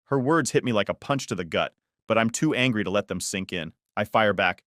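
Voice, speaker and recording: A man narrating a first-person family story in a steady, conversational way. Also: on the low side, fairly quick, dry recording, clean studio sound.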